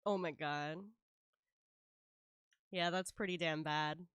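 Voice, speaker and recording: Stuffy-nosed woman streamer, low-ish voice, dry sound, chatty and giggly while she draws. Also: fairly even intonation, slow pace, fairly bright tone, clean tone, no room sound. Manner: chatty, laughs often, lots of "like". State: stuffy nose. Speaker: live-streaming artist. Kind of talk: casual chat while drawing.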